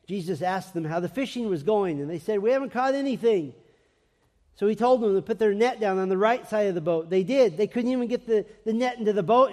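A man preaching a sermon in an earnest voice that swings between emphatic and hushed. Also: high-pitched, long reverb tail.

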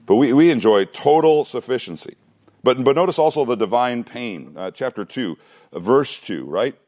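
A man's voice: mid-range voice, expressive, moderate pace, darkish tone. A man preaching a sermon, earnest and emphatic, often restarting words and asking rhetorical questions.

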